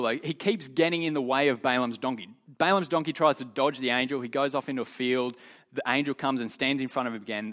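A man leading a youth Bible lesson, telling the story in an animated, casual way full of slang. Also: medium pitch. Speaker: youth leader teaching.

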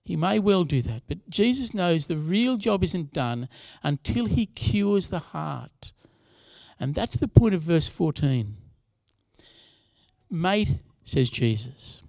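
A man's voice: fairly high pitch, expressive, a little slow, gravelly, darkish tone, dry recording. A younger man preaching a sermon in a conversational way, with asides to the congregation. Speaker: pastor.

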